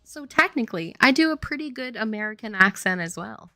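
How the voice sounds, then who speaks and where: A woman's voice: fairly high pitch, animated, a little fast, bright, forceful tone, no echo, soft background music. A woman from Louisiana, a game developer chatting casually on a stream, rambling and laughing often. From Louisiana, US Southern. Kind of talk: casual chat on a dev stream.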